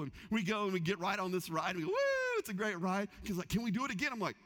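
Middle aged guy preaching, acts out voices, kinda high pitched, big echoey hall. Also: quick pace, few pauses. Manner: animated, acts out quoted voices. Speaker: pastor. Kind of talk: sermon with storytelling. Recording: hall reverb.

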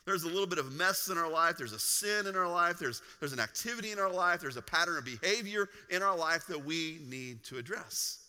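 Pastor, male, preaching with lively humor, slightly high voice, long church reverb. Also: a little fast, few pauses, clean tone. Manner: animated storytelling with humor. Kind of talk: sermon. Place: large church hall.

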